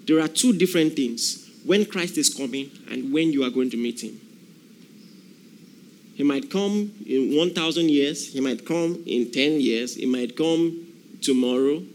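A man's voice: on the high side, lively intonation, unhurried, slight background noise. A man preaching a sermon, emphatic, repeating key phrases and acting out the voices of people in the story.

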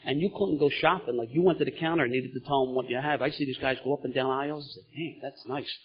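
A middle-aged man telling his recovery story at a meeting, lively and laughing as he goes. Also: medium pitch, quick pace, breathy edge. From Philadelphia, USA. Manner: animated storytelling, gets loud and laughing at funny parts. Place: meeting room in front of an audience. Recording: dull lo-fi meeting recording.

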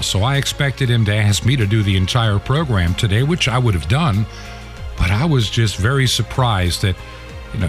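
A man hosting a radio talk show, speaking in an earnest, conversational way. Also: lowish voice.

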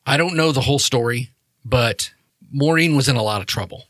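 A man plays a guarded woman keeping secrets in a tabletop game, defensive and evasive, swearing when cornered. Her delivery sits at a middling pitch in a dry, close setting with no room around it. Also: fairly quick, a bit bright, no room sound, close to an everyday voice. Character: guarded secretive woman, older-sister figure.

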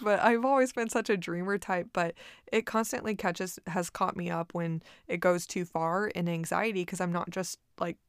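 Chatty woman with a gravelly edge. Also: fairly low pitch, no echo, clean studio sound. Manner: chatty, many fillers, laughs often. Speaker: vlogger. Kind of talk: casual personal reflection. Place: home in Austin.

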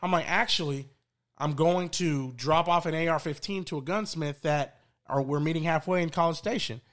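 A man's voice: fairly high pitch, moderate pace, fairly bright tone. A man telling a profane story in casual chat on a podcast.

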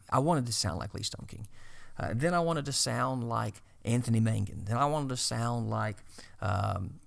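A man preaching to fellow preachers, earnest and exhorting, often pausing on filler sounds. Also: lowish voice, gravelly.

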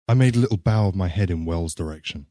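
A man narrating a short story in a measured, scripted reading. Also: sits low, mellow, dry recording, clean studio sound.

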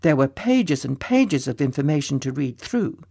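A narrator reading a children's storybook aloud in a gently expressive way. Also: medium pitch, normal speed, gravelly, slightly rough, no echo, clean studio sound.

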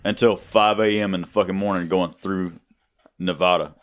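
A man's voice: low voice, fairly even intonation, moderate pace. A young man co-hosting a podcast, swearing constantly in crude casual banter. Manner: profane, loud, swears constantly. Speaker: podcast co-host.

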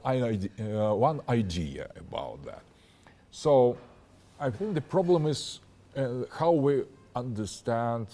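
Man, interview guest, lecturing, halting, many restarts, mellow voice, lively pitch swings. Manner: halting, searching for words with frequent restarts; lecturing, building an argument step by step. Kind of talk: interview, extended explanation.

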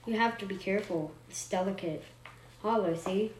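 A woman voicing a forceful, doting mother who is insistent and bright. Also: mid-range voice, normal speed, close to an everyday voice. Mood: proud. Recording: roomy echo, faint noise.

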